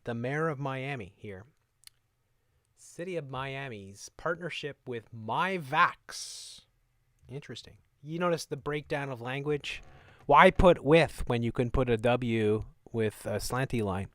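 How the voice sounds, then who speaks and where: A man's voice: medium pitch, expressive, measured pace, fairly bright tone, no echo, studio quality. Sarcastic man hosting a live show. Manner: sarcastic, mocking, chuckling asides. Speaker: live-stream host. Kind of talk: live commentary on news clips.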